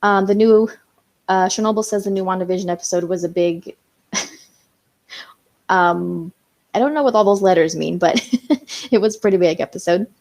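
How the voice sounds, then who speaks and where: A woman's voice: lowish voice, normal speed, pauses often, a little mellow. A young woman hosting a casual live stream, chatting with viewers and reading out their comments, with lots of "um" and "you know". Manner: chatty, reads out viewer comments, many fillers.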